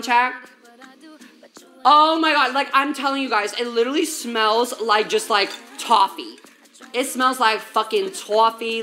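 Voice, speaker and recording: With a medium-pitched voice that sounds pushed and bright, a young woman bakes live from her home kitchen. Her chat to viewers is casual, slangy, profane, and very valley-girl.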